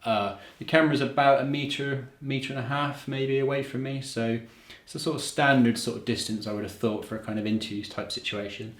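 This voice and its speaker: A video maker with a mid-range, steady voice talks fairly fast with hardly any pauses as he tests microphones in an echoey, roomy indoor space. His unscripted equipment walkthrough is casual, rambling and self-deprecating, full of fillers and false starts.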